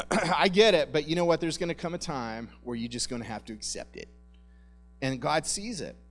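A man's voice: fairly high pitch, normal speed. Chatty man preaching a casual sermon. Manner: conversational, jokey, addresses the congregation as "guys". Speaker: pastor.

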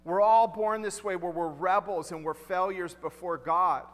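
High-voiced man preaching in a church hall. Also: fairly even intonation, moderate pace, a bit bright. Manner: conversational, asks the crowd questions, repeats lines. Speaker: pastor. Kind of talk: sermon.

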